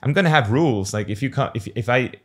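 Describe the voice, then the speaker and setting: A man's voice: medium pitch, animated, fast talker, a bit bright. A German-native man hosting a podcast, talking casually and hesitantly, searching for his words. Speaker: podcast host. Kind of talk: casual conversation.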